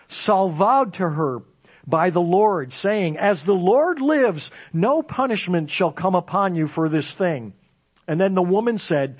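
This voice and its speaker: A man's voice: high-pitched, lively intonation, measured pace, husky. A man preaching a sermon, reading scripture aloud dramatically and explaining it to his congregation. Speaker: pastor.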